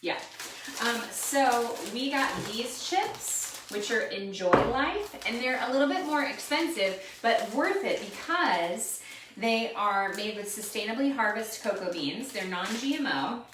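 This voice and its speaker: A woman's voice: fairly high pitch, animated, unhurried. Playful woman in an echoey kitchen. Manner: playful, giggly, wordplay. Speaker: cooking show co-host. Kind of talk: casual cooking chat. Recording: echoey room, distant mic, faint noise.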